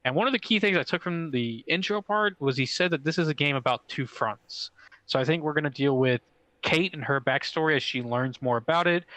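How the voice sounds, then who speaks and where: A man co-hosting a gaming podcast in casual chat, excitable and rambling with lots of filler words. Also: fairly high pitch, no room sound, rough recording. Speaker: podcast co-host.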